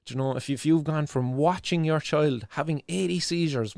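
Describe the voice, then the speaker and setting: An Irish man delivers fervent spoken commentary as a live show host, his voice sitting a little high for a man. He talks emotionally, swears freely and doubles back on his words as he pushes his point. The recording is dry, with no room echo. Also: moderate pace, creaky, few pauses, darkish tone.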